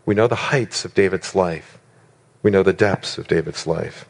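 A man's voice: sits low, normal speed, vocal fry, breathy edge. A male preacher giving a sermon in an emphatic way, asking rhetorical questions and building lists of words.

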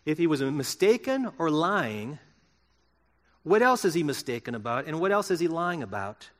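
Middle aged pastor guy preaching, bit high voice, earnest and chatty, big echoey hall. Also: big pitch swings, moderate pace. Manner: earnest, conversational preaching with rhetorical questions. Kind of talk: sermon.

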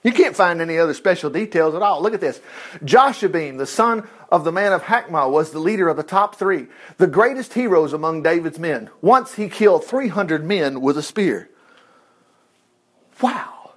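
A man reading the Bible aloud in an informal way, breaking in with excited exclamations and asides. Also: a little high, normal speed. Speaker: Bible teacher.

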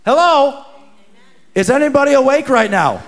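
A man preaching a sermon, swinging from loud emphatic lines to hushed slow asides and acting out other people's voices in his stories. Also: extremely high pitch, lively intonation, in a large hall. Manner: dynamic preaching, rising to shouts and dropping to hushed asides; acts out quoted voices in conversation. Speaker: pastor.

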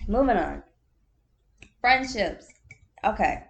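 A woman's voice: medium pitch, lively intonation, takes it slowly, creaky. A woman hosting her own podcast in a casual solo chat. She talks candidly, laughs often, repeats phrases for emphasis and calls the listener baby or honey. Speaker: podcast host.

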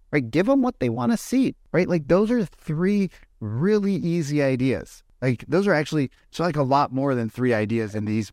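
A man giving a lively coaching talk to real estate agents, often checking in with "right?". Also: medium pitch, no echo, studio quality. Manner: animated, peppers lines with "right?".

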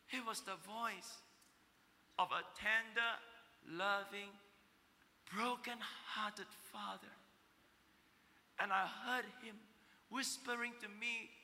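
A man preaching a sermon, swinging between loud emotional declaiming and hushed, tender passages. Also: high voice, gravelly. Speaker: pastor. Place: church auditorium. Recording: long reverb of a large hall.

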